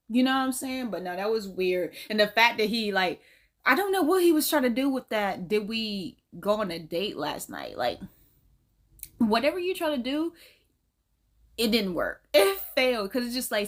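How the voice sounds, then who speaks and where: A woman's voice: on the high side, a bit bright. Incredulous woman reacting with slang. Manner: incredulous, laughing, loose slang. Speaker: reaction host. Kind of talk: casual reaction commentary.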